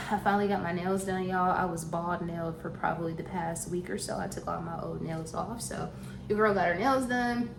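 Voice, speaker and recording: A chatty woman from the Southern US, with a mid-range voice, vlogs casually to camera. She laughs a lot, makes many restarts and asides, and seems slightly winded, while the echoey room adds faint noise.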